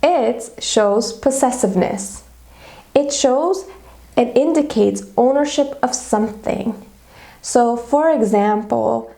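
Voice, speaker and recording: Woman teacher going through grammar rules one example at a time, kinda high voice with some gravelly fry. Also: takes it slowly, warm tone. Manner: methodical, explains step by step with examples. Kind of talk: grammar lesson video.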